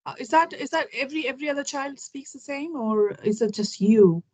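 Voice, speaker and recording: A woman's voice: sits high, a little fast, a little mellow, poor audio. A woman hosting an English conversation practice over a video call, asking curious questions with frequent restarts. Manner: curious, chatty, many fillers and restarts.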